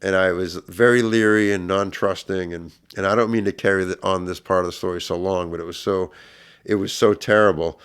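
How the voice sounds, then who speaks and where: A middle-aged man, a podcast guest, earnestly retelling a personal story, his voice swelling louder at intense moments. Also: low voice, steady tone, a little fast, smooth.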